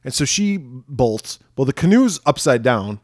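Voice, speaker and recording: A man's voice: medium pitch, very animated, a little slow, dry recording, clean studio sound. A man co-hosting a film podcast, retelling scenes casually, acting out characters, swearing and laughing often. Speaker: podcast co-host.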